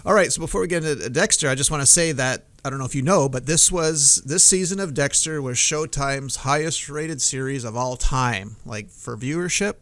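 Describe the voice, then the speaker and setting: A man co-hosting a casual podcast, chatty and quick to laugh, often restarting his sentences. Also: mid-range voice, a bit bright, dry recording. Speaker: podcast co-host. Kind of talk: casual podcast chat about TV.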